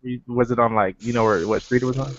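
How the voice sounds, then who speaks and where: A man's voice: medium pitch, steady tone, fast talker, lo-fi sound, crowd noise. A man on a podcast asking short follow-up questions in casual chat. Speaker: podcast co-host.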